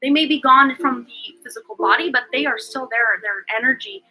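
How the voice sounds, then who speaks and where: Bright high-voiced chatty woman. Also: brisk, poor audio. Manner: effusive, chatty, many fillers like "like" and "um". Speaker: tarot reader and livestream host. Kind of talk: live-streamed tarot reading.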